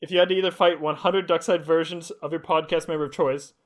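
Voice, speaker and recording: A man's voice: a little high, fairly even intonation, fast talker. A young man co-hosting a casual podcast with friends, laid-back and chuckling. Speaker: podcast co-host. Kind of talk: casual chat. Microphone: headphones on, home podcast mic.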